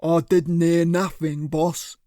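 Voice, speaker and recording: A man voicing a hulking, dim henchman who talks slowly and roughly. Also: fairly high pitch, flat delivery, dark tone, no echo, studio quality. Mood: plodding. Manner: slow, rough, says boss.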